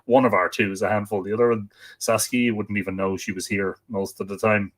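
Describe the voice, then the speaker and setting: This man from Ireland hosts a casual livestream, his voice on the low side with a flat delivery and a quick pace. He chats away and reads out viewers' greetings and comments.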